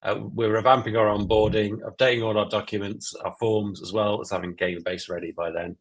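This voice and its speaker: A man's voice: fairly low pitch, level tone, brisk. A man giving a casual update on an ambassador program during an online call, laughing easily and restarting words.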